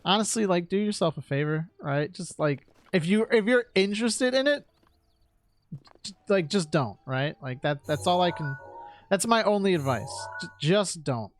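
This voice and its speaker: Rambling chatty man, slightly high voice. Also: expressive, normal speed, faint music behind. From New York. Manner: rambling, frequent "like" and "right?", laughs often. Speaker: streamer. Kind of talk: casual stream chat.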